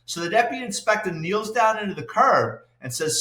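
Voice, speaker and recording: An older man, a retired police detective telling salty, animated stories in an interview. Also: high-pitched, brisk. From New York City. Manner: salty, animated anecdote-telling with acted-out quotes. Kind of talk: storytelling interview. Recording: roomy echo.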